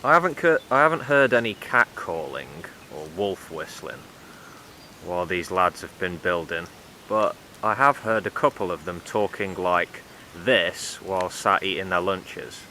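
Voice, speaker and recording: A man giving sarcastic, deadpan commentary in a vlog with dry, mocking asides. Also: deep voice, a little slow, slight background noise. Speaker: vlogger.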